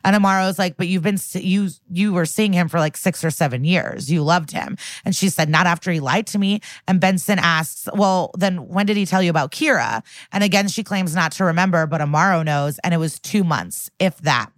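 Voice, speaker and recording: A woman's voice: on the low side, a little fast, no echo. A woman co-hosting a podcast, casually recapping a TV crime episode and acting out the characters' lines, with many fillers. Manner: animated retelling, acting out quotes with many fillers. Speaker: podcast co-host.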